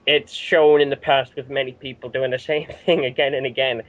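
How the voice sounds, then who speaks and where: A British man hosting a casual wrestling recap chat, animated and often laughing as he acts out quotes. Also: medium pitch, moderate pace. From Britain. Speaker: show host. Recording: dull lo-fi audio.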